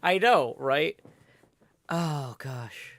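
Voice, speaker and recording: A man's voice: a little high, expressive, drawn-out words, fairly bright tone. A man hosting a casual livestream, talking in a rambling, irritated way with many restarts. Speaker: livestream host.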